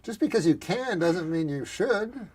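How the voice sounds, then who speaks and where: A man in comic banter with a deadpan, prim manner. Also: high voice, a little slow, a crowd in the background.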